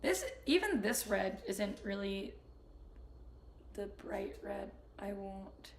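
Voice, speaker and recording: A woman's voice: mid-range voice, very animated, slow pace, vocal fry, slight background noise. A young woman from South Carolina, chatting casually while she paints, swearing freely, ranting, and muttering half-whispered asides to herself. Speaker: vlogger. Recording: roomy echo with faint ambience.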